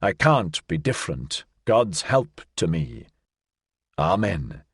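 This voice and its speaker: A man reading aloud as a theatrical shadow-wanderer, declaiming a mock-pious song in a lowish, dry voice with wide swings from hush to exclamation. The delivery is storybook and showy, with no room around it. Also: big pitch swings, slow pace, vocal fry, slightly rough, no echo, exaggerated voice. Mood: bombastic. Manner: declamatory, swinging between hushed and loud exclamations. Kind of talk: dramatic audiobook reading.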